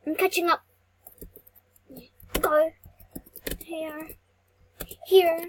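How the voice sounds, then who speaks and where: Excitable high-pitched young gamer girl. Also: takes it slowly, long pauses, no room sound. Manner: excitable, frustrated outbursts, self-encouraging. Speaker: gaming channel host. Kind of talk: gameplay commentary.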